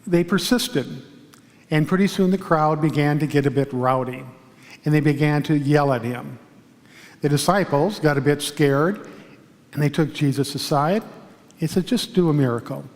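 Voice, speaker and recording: A male pastor giving a sermon in a church, telling a story in a calm, measured way with pauses. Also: a little high, in a large hall. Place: large church sanctuary.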